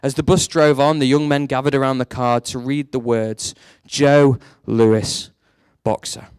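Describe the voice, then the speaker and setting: A man preaching a sermon, telling a story and leaning on rhetorical questions, his voice jumping up high for emphasis. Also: fairly quick, smooth, dry recording, clean studio sound. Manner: storytelling, animated, rises sharply for emphasis.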